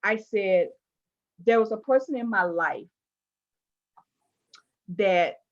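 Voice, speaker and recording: A woman interviewing a guest, telling personal stories in an animated, emphatic way with playful asides. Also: mid-range voice, takes it slowly, lo-fi sound. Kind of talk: candid conversational interview.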